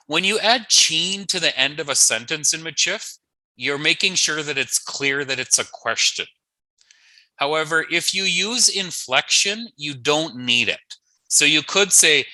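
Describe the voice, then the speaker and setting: Guy teaching a language class online, slow and patient, says every word twice, bright voice, lots of ups and downs. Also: on the high side, lively intonation, no room sound, low-quality recording. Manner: patient, repeats each word twice, playful asides.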